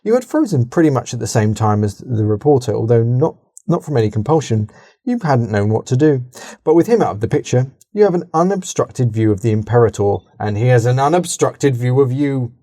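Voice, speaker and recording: Bloke reading a dodgy story on a podcast, swears a lot, laughs, mellow dark voice, dry close mic. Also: male voice, mid-range voice, lively intonation, brisk, no room sound. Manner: sweary, laughing, breaks off to comment.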